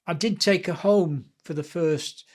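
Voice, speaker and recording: A man's voice: a little high, unhurried, a little mellow. Older man, rambling storyteller. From England (Blackpool). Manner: chatty storyteller, easy and rambling. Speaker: guest author. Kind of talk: reminiscing interview.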